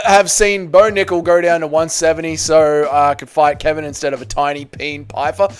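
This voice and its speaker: A man's voice: on the high side, steady tone, normal speed, few pauses, clear, resonant tone. A young man hosting a casual livestream, reading chat aloud and swearing bluntly. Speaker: livestream host.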